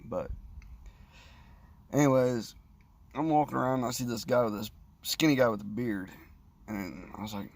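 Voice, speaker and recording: Rambling, swearing man with a gravelly voice. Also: medium pitch, normal speed, long pauses. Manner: crude, rambling, swears a lot. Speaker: vlogger. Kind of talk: casual storytelling rant. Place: sitting, indoors or in a parked car.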